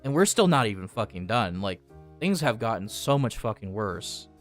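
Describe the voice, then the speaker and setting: A man's voice: lowish voice, big pitch swings, normal speed, soft background music. A young man hosting his channel in casual chat, rambling and swearing, often restarting his sentences. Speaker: channel host.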